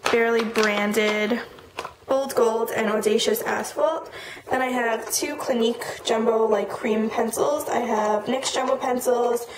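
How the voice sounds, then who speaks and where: A woman's voice: on the high side, fairly even intonation. A young woman in college, casually walking through her makeup collection and listing products in a chatty way with the occasional filler. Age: young adult. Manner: chatty, lists items quickly with fillers. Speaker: beauty vlogger. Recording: echoey room with noticeable noise.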